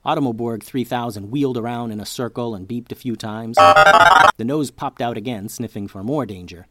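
A man narrating a children's story with a lively, expressive reading. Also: mid-range voice, moderate pace, creaky, loud music behind the voice.

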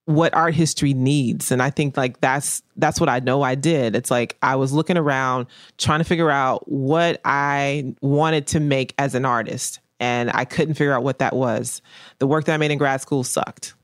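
A woman's voice: extremely low pitch, steady tone, moderate pace, no echo, clean studio sound. A woman painter in a casual interview, speaking bluntly and repeating her main points for emphasis. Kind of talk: candid casual interview talk.

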